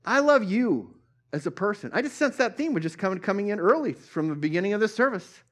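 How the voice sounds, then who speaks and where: Male pastor, high-pitched, emphatic repetitive sermon delivery. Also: big pitch swings, fairly quick. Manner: repetitive, emphatic phrasing with sudden swings between loud and hushed. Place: church service.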